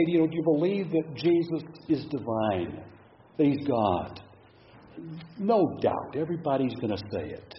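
A middle-aged man preaches in a church, pausing often to put questions to his listeners in a reflective way. His voice sits a little high for a man. The recording is slightly dull with a faint hiss behind it. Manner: reflective, asks the congregation many questions. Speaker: pastor. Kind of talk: sermon.

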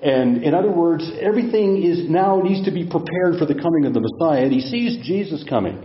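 A man's voice: a little high, expressive, fairly quick. A man preaching a sermon and teaching from scripture, putting questions to his listeners. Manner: teaching, asks the congregation questions. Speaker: pastor. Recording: echoey room, dull lo-fi sound.

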